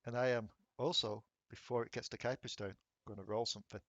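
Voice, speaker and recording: A man's voice: mid-range voice, fairly even intonation, fairly bright tone, dry recording, lo-fi sound. Chatty male game master, dry close mic. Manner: chatty, laughs often, quick bursts of rules talk. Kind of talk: narrating a tabletop game over voice chat.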